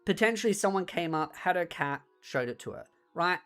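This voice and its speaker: Rambling low-voiced woman streamer. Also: brisk. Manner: rambling, animated retelling. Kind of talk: casual stream chat. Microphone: desk streaming mic.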